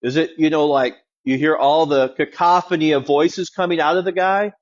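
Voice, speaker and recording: A man's voice: a little high, steady tone, moderate pace. A man preaching a sermon as a pastor, in a conversational, wry teaching tone. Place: church. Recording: dull lo-fi sound.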